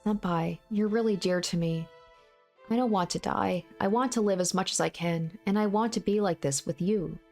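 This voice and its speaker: A woman reading the lines of a gentle, earnest young man in a soft voice from a visual novel. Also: medium pitch, moderate pace, faint music behind, lightly acted. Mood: tender.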